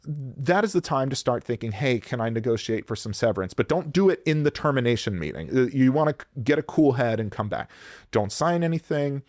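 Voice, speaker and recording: An employment lawyer appears as a guest in a podcast interview, giving candid advice bluntly and energetically while swearing freely and acting out quoted voices. His middle-pitched voice runs a little fast, recorded dry and close on a studio mic.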